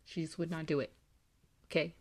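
A young woman from California hosts a podcast, telling a creepy story in a loose, casual way. Her voice sits slightly low for a woman. She rambles and fills her sentences with likes and ums. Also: flat delivery, brisk, a little mellow. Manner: rambling, heavy use of like and um. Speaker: podcast host.

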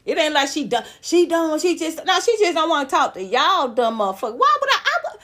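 A woman, hosting a casual live-stream gossip chat, loud, blunt and profane, laughing often. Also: high voice, sing-song, a little fast. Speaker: celebrity gossip vlogger.

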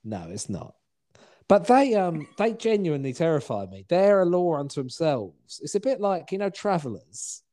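Dry-joking man, lively pitch. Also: normal speed. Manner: dry, exaggerating jokes. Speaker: podcast co-host. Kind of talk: casual chat.

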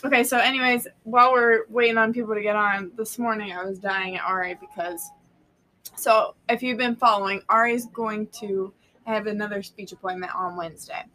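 A woman's voice: mid-range voice, steady tone, fairly quick, bright, forceful tone, rough recording. A woman hosting a casual live-stream chat with a friend, bubbly and chatty, laughing often. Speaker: host.

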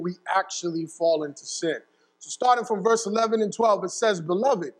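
A man's voice: sits high, long reverb tail. A young man preaching a sermon, telling a family story with asides and frequent checks of "right?" to his listeners. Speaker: pastor.

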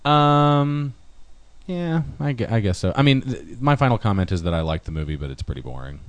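A man's voice: medium pitch, sing-song, moderate pace, no room sound. A man co-hosting a casual podcast chat, talking in rambling, hesitant restarts. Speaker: podcast co-host.

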